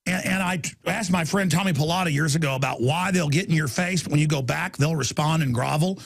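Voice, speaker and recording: Gravelly ranting talk radio man. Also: fairly high pitch, quick pace, few pauses. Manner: aggressive, combative, loud outbursts.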